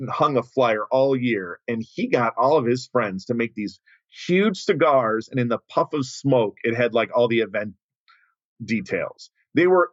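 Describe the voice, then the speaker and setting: Animated male podcast guest telling a story. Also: no room sound, highs cut off. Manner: animated, acts out quoted voices with big pitch jumps.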